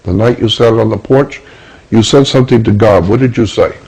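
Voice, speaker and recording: Low husky guy telling his own story, kinda halting, repeats words a lot. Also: darkish tone, poor audio. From Florida, USA. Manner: halting, repeats words while searching for them. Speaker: storyteller recounting a personal experience. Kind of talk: first-person testimony.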